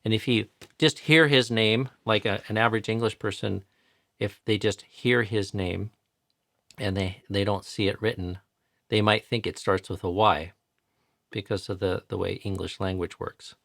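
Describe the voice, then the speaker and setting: American guy teaching chanting sounds, patient, says each one over and over, gravelly low voice. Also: fairly even intonation, a bit bright, no room sound, studio quality. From United States. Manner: patient, repeats sounds slowly to demonstrate pronunciation. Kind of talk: live online tutorial.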